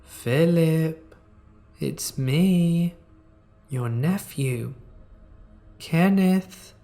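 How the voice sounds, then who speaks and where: Brief: male narrator putting on an uncanny mimic, calm, crystal-clear, lifted and hollow in tone, no feeling at all. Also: fairly high pitch, very slow, soft background music, voice pushed up. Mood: eerily calm. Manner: hauntingly calm, flat, clear. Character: calm emotionless thing mimicking a man.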